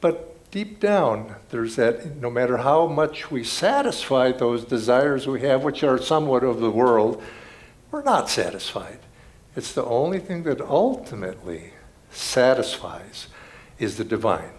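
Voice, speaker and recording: A man speaks at a spiritual gathering in an earnest, reflective way, telling stories to make his points. His pitch sits in the middle of the male range, and his delivery rises and falls with lively movement. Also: a little slow. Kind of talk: inspirational spiritual talk.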